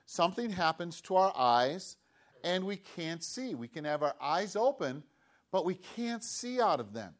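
A man gives a children's sermon in a slightly high voice. He tells the story in a lively, swooping way and often stops to ask the young listeners questions. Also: unhurried. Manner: animated, asks children questions, acts out voices. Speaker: pastor giving a children's message.

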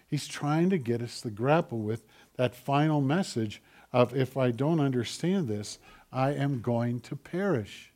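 A man preaching a sermon as pastor, shifting between quiet, heavy emphasis and louder urgent passages, with rhetorical questions to the listeners. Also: mid-range voice.

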